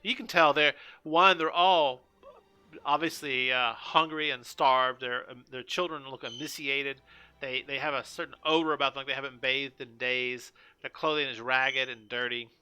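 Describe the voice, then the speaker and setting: A man narrating as game master of a live-streamed tabletop game, halting with many restarts and fillers. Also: mid-range voice, fairly even intonation, bright, forceful tone, smooth.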